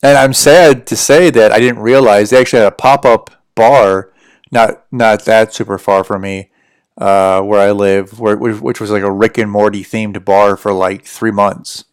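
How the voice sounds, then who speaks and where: A man's voice: lowish voice, steady tone, normal speed, clear, resonant tone, no echo, studio quality. A man from the United States with a general American accent, rambling casually as he chats to viewers on a livestream. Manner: rambling, chatty, answers viewer questions. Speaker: livestream host.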